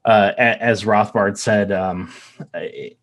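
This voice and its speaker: In this relaxed podcast conversation, a Southern-born man without a Southern accent talks slowly and earnestly in a lowish, slightly bright voice. His speech wanders, with frequent restarts and repeated words.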